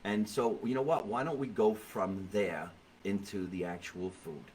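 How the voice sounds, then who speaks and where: A middle-aged man hosting a comedy podcast, telling stories in a jokey, animated way with quoted voices. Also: fairly low pitch, a little slow, rough recording. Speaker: podcast host. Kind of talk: comedic casual chat. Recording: faint background noise.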